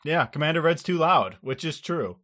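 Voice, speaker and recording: A man's voice: fairly high pitch, lively intonation, normal speed, fairly bright tone. A man co-hosting a podcast, recapping an anime episode in loose casual chat, laughing often and swearing. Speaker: podcast co-host.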